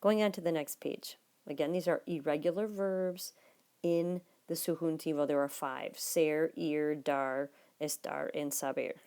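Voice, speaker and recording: A woman teaching a Spanish lesson, her voice low and mellow with a gravelly edge. She explains patiently and talks straight to her students. Now and then she drops to a soft murmur while writing on the page. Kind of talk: recorded classroom lesson notes.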